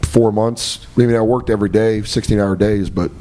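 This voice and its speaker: A man's voice: lowish voice, steady tone, normal speed, warm tone. A young man, a comedian and guest on a podcast, telling profane stories casually and laughing as he talks. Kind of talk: casual storytelling chat.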